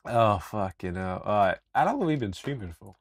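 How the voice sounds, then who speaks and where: Young male co-host, low voice, easygoing swearing, dry sound. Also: lively intonation, moderate pace, no room sound. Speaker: podcast co-host. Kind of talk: casual livestream chat.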